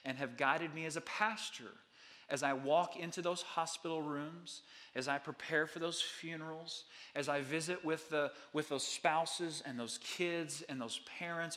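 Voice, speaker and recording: A middle-aged male pastor preaching a sermon with an earnest, repetitive cadence, dropping his voice softly on key lines. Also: a little high.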